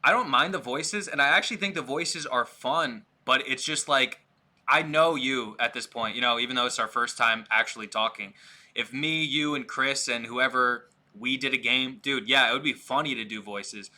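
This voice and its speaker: A man's voice: medium pitch, normal speed, bright, forceful tone. A man hosting a podcast, telling a rambling, self-deprecating story in casual chat.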